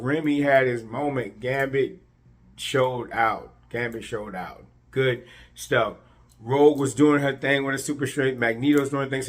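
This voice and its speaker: A man recapping a superhero episode in a casual, animated way, repeating words and filling gaps with fillers. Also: medium pitch. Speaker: show reviewer.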